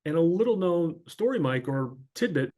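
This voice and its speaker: A man in his fifties, originally from northern New Jersey, recounts his path from basketball to broadcasting in a relaxed, chatty way. His voice sits slightly above the usual pitch for men, and he fills his stories with asides and fillers. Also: moderate pace. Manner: chatty, anecdotal, frequent fillers. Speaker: podcast guest, former sportscaster. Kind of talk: casual storytelling interview.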